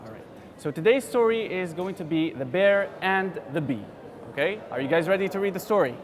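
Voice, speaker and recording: A male teacher from Algeria hosts a reading lesson and tells a story to young pupils. His voice sits high and swings about with lively, animated storytelling. A faint noise hums in the background. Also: brisk. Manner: friendly, encouraging, animated storytelling. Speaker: teacher and show host. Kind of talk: reading a story aloud to children.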